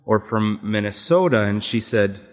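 A man's voice: fairly low pitch, expressive, moderate pace. A man with a Canadian accent, a deacon reading scripture and giving a homily, earnest and reflective, sounding nasal and stuffy from a head cold. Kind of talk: sermon. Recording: long hall reverb.

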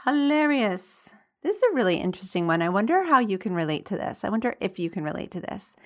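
A woman's voice: mid-range voice, very animated, fast. Giggly chatty woman host. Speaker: podcast host. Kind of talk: casual reading of listener stories.

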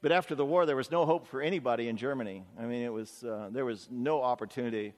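A man's voice: medium pitch, fast talker. Middle-aged male pastor, chatty and earnest storyteller, mid-range voice, long sanctuary reverb. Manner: folksy, earnest, chatty, with frequent 'uh' and 'you know'. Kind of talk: conversational storytelling sermon. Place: church sanctuary. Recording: long hall reverb in a church.

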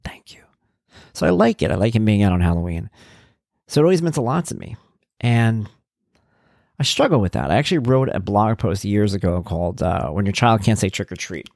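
Animated storytelling man with a low voice. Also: no echo, clean studio sound. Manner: animated storytelling, gets worked up, acts out quotes. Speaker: podcast host, parent of an autistic son. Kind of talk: casual podcast monologue.

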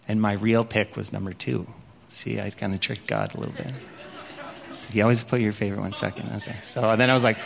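Here the same kind of sermon comes in a lowish, creaky voice with a level tone and a fairly quick pace. The middle-aged pastor tells stories and performs his own prayers, poking fun at himself.

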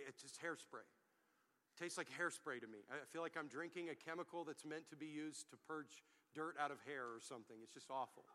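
A man preaching a sermon to his church, mixing funny stories with rising, fervent calls to his congregation. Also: on the high side. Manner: humorous storytelling, building to loud preaching. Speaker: pastor.

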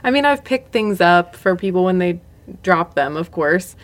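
A woman co-hosting a podcast in casual chat, encouraging and quick to laugh. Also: on the low side, expressive. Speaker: podcast co-host.

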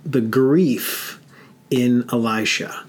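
A man co-hosting a casual podcast discussion, talking in a halting way with many fillers and restarts. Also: medium pitch, slightly rough. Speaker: podcast co-host.

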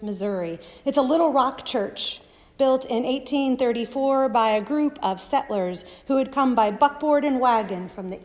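A woman preaching a sermon in a dramatic style, dropping often to soft whispers. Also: high-pitched. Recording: long reverb of a large hall.

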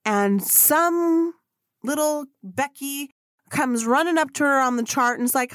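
A woman hosting her own podcast, speaking on her own in a fairly high voice. She tells stories bluntly, swears freely, and acts out the voices of the people she quotes. The sound is dry and close, with little room echo. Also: fairly quick. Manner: blunt, profane storyteller acting out quotes. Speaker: podcast host. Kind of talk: solo podcast monologue.

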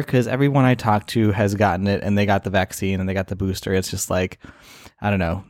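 A man co-hosts a laid-back podcast, joking and teasing and telling stories full of small hesitations. His voice sits fairly low. The recording is dry and close. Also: steady tone, fairly quick, no echo. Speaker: podcast co-host. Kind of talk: casual podcast chat.

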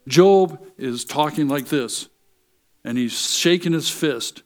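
A man's voice: fairly high pitch, takes it slowly. Earnest man preaching a sermon. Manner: earnest, reads scripture aloud then explains it.

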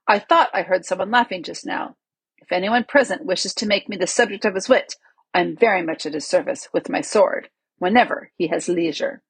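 A woman doing Reepicheep, a shrill proud mouse knight. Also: moderate pace, creaky, slightly rough, dry recording, exaggerated voice, low-quality recording. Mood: courtly. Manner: formal, courtly. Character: small proud courtly male mouse knight.

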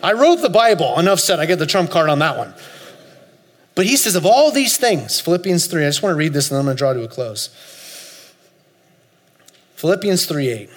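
A man in his forties preaching a sermon, telling a story with loud high bursts and soft low asides. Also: sing-song, a little fast, pauses often. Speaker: pastor. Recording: long hall reverb, faint music.

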